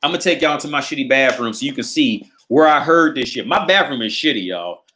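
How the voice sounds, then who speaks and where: Speaking quickly at medium pitch, the man uses lively intonation and a bright, forceful tone, with slight background noise behind him. He's a livestream host telling a story casually from his small apartment, cursing and laughing a lot, captured by a camera or phone held in hand.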